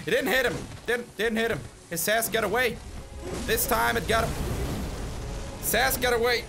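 A man giving let's play commentary, swearing and exasperated, bursting into shouts, with game music behind. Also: very high voice, measured pace, creaky. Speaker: gaming YouTuber.

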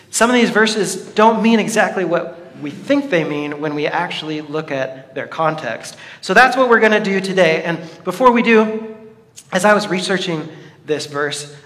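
High bright-sounding guy giving a jokey sermon, big hall reverb. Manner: playful, jokey, talks to the congregation. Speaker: pastor. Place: church hall.

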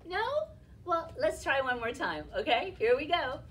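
A woman's voice: high voice, animated, unhurried, fairly bright tone, distant mic, slight background noise. A woman leading a library storytime for toddlers, singing nursery rhymes and cheering the children on in a sing-song voice. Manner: sing-song, encouraging, speaks to small children. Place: library room, indoors.

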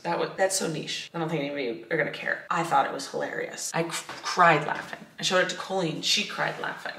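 A woman vlogs at home in a fairly low voice, chatty and self-deprecating, wandering off into asides. She sits a little back from the camera mic, so the room rings around her, and a faint hiss runs underneath. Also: fairly bright tone. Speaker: vlogger. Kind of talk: casual chat to camera. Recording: roomy, distant camera mic.

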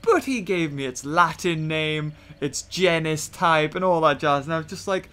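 A man's voice: a little high, normal speed, sharp tone. A young man chatting casually and rambling with self-mocking humor while commentating on a game he is playing. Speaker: gaming channel host.

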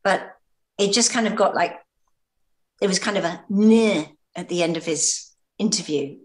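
A low-pitched English woman talks as an interview guest. She reminisces with hesitations and repeated words, often laughing. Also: moderate pace. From Britain. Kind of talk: anecdotal interview talk.

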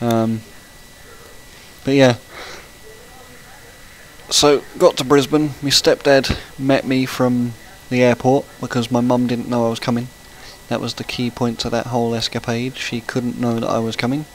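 A man's voice: mid-range voice, a little hiss or hum, poor audio. Rambling man chatting while gaming. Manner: rambling and chatty, breaking off to react to the game. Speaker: gaming channel host. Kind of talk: casual let's-play commentary.

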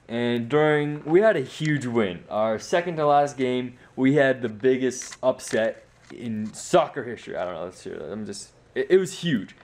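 A man's voice: mid-range voice, a little mellow. A teenage boy chatting casually in a home vlog, rambling and mocking himself, tired after sports practice. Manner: rambling, self-mocking, many fillers. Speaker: vlogger.

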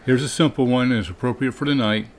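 A man's voice: medium pitch, fairly even intonation, quick pace, a little hiss or hum. Jokey man reading viewer answers. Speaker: co-host reading viewer comments. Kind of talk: casual chat.

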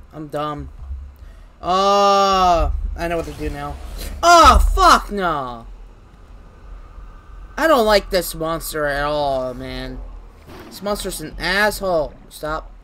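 A man's voice: fairly high pitch, fairly bright tone, slight background noise. Swearing, panicky gaming streamer man. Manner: swearing, panicky outbursts between muttering. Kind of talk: live horror game commentary.

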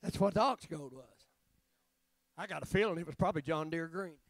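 A man preaching a revival sermon as guest preacher, telling folksy stories that break into shouting. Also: high-pitched, dry recording. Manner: folksy storytelling, bursts of shouting.

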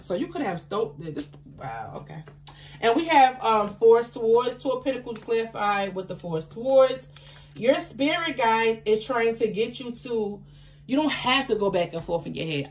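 A woman giving a tarot card reading to her viewers, chatty and affectionate, with excitable bursts of laughter and exclamations. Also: medium pitch, a little hiss or hum. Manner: chatty, affectionate, calls listeners baby.

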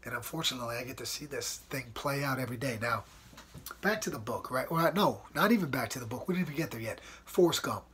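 A man's voice: mid-range voice, fast, a bit bright. A man hosting his own podcast from home, talking casually and peppering his talk with "man" and "dude.". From United States. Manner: laid-back, chatty, says "man" and "dude" a lot. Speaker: podcast host. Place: at home in front of a white wall.

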